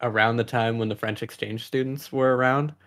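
A man's voice: mid-range voice, fairly even intonation, brisk, fairly bright tone. A young man chatting casually as a podcast co-host, teasing and laughing often. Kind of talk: casual chat.

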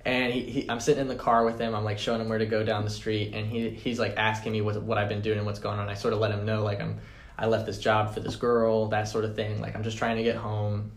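A man's voice: fairly low pitch, completely flat delivery, quick pace. A young adult man, a podcast guest, telling a personal story in a casual, rambling way full of "like" and "man". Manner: rambling, fillers like 'like' and 'man'. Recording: roomy echo.

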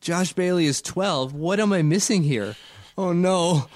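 A man's voice: high voice, unhurried, a little mellow, no echo, studio quality. A man co-hosting a podcast in casual chat, rambling and joking at his own expense. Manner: self-deprecating, joking, rambling. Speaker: podcast co-host.

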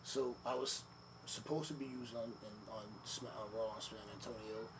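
A man telling stories in a relaxed sit-down interview, with many fillers, acting out the quotes of others. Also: medium pitch, moderate pace. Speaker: podcast guest, former wrestler. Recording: noisy room ambience.

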